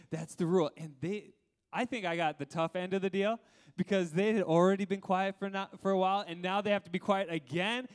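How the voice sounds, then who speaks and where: With a strikingly high voice for a man, this thirty-something pastor gives an energetic sermon. He chuckles as he goes and frequently puts questions to his listeners, his tone clear and resonant.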